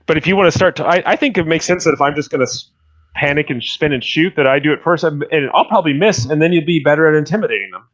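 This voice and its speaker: A man's voice: fairly high pitch, quick pace, a bit bright, no echo, lo-fi sound. A man playing a tabletop game and chatting in a hesitant, self-deprecating way. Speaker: player. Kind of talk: casual play chat.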